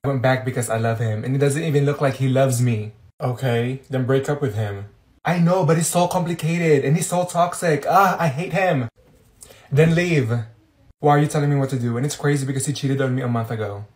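A man performing short comedy skits, switching quickly between several schoolgirl characters and breaking into sassy shouted outbursts. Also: medium pitch. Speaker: comedy sketch creator.

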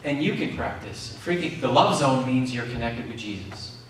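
Guy preaching in a community hall, mid-pitched voice, faint room hiss behind. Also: lively intonation, normal speed. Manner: calls out questions to the congregation. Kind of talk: sermon. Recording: echoey hall from far off.

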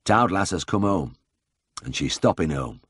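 A man's voice: low-pitched, a little slow, slightly rough, no room sound, studio quality, heavily acted. Man doing a taciturn old Yorkshire farmer. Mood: quietly firm. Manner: quiet, flat, few words.

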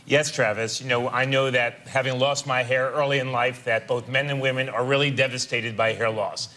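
Bright-toned male dermatologist guest. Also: medium pitch, flat delivery, a little hiss or hum. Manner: measured, explains in clinical terms. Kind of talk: studio interview.

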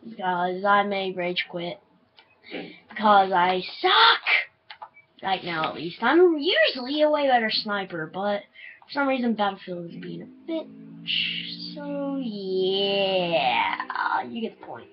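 A young woman commentating her own shooter gameplay, swinging between easy chatter and yelling and swearing at other players. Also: medium pitch, slow pace, a little hiss or hum. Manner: excitable, yelling and swearing at opponents. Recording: dull lo-fi sound.

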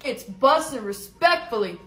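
A woman's voice: fairly high pitch, animated, takes it slowly, over music. A young woman, the sister, talking in a sassy and exasperated way.

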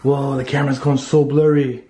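A man's voice: medium pitch, little pitch movement, normal speed, background noise. A man vlogging from inside his house at night, frightened, swearing and repeating himself to his viewers on a handheld camera. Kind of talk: paranormal vlog, addressing viewers. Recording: loud music over the voice.

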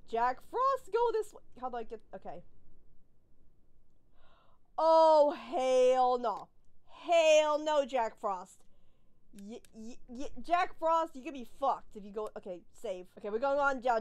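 A young woman giving excitable, nervous commentary while playing a horror game, swearing often. Her voice is high and swings widely in pitch. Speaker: gaming video creator.

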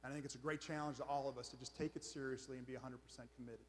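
A man's voice: medium pitch, steady tone, racing, heavy background noise. A man giving a motivational faith talk at a men's conference. He speaks conversationally and pokes fun at himself, often checking in with the audience. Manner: conversational, self-deprecating, keeps checking in with "all right?". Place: large conference hall before a live audience. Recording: reverberant conference hall.

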